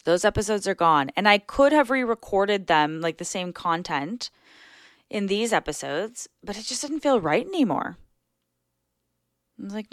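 A woman's voice: mid-range voice, expressive, moderate pace, a bit bright, no room sound, studio quality. A woman hosting a solo podcast, talking casually and earnestly as she coaches her listeners through their thinking. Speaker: podcast host.

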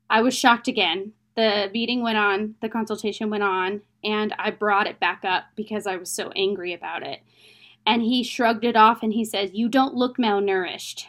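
A woman's voice: medium pitch, a bit bright. A young adult woman, an interview guest, telling a personal story in a candid, emotional, plain-spoken way.

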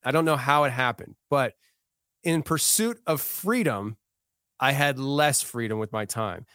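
A man in his thirties talks as a guest on a podcast, sharing a story in an earnest, heartfelt way. His sentences often start over as he works through his thoughts. His voice is clear and smooth, recorded dry and close in a studio. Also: medium pitch, animated, measured pace, fairly bright tone, no room sound. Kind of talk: casual podcast conversation.

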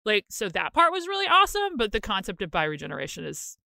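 A woman's voice: medium pitch, huge pitch swings, quick pace, vocal fry, pushed and bright, no room sound, studio quality. A young adult woman, a guest contributor on a podcast, talking emphatically and expressively in casual chat.

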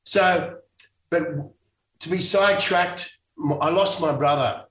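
Slow and on the high side, with a fairly bright tone, a middle-aged Australian man tells stories as a guest in a casual interview. He's an actor who rambles, restarting and correcting himself a lot; the echoey room and distant mic are audible.

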